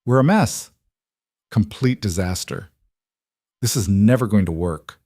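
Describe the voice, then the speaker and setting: A man's voice: on the low side, expressive, unhurried, mellow, no echo, studio quality. A man voicing a frightened, fragile young woman in love, speaking in an anxious, pleading way.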